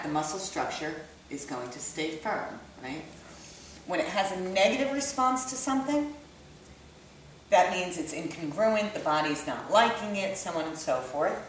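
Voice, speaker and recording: A woman with a low, deep voice teaches in an easygoing, conversational manner, tagging "right?" onto her points. She is recorded from a distance in an echoey room, with a faint hiss of ambience behind her. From United States. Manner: conversational, checks in with "right?" and "okay?". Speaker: holistic kinesiology teacher. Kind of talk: explanatory lesson to camera.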